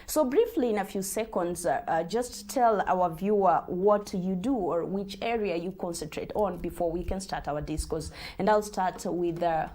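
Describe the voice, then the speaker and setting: A woman's voice: on the low side, moderate pace, few pauses, darkish tone. A woman hosting a studio talk show on TV, speaking with lots of "uh" fillers and laughing between questions. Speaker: TV host.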